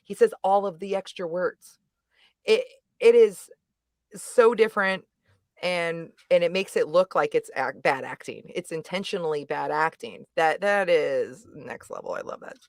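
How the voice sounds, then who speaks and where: A middle-aged woman giving a casual, animated review on a livestream, emphatic and rambling, correcting herself as she goes. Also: on the low side, a little slow, dry recording, clean studio sound. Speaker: guest reviewer.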